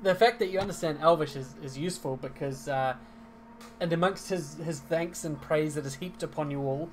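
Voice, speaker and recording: A man's voice: on the high side, moderate pace, slight background noise. A man narrating as game master in a casual tabletop game, rambling and correcting himself with frequent ums.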